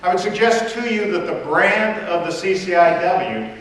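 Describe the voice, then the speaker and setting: Man, college president, formal conference opener, measured with "uh" pauses, slightly high voice, heard from afar in an echoey hall. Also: a bit bright. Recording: echoey hall, distant mic.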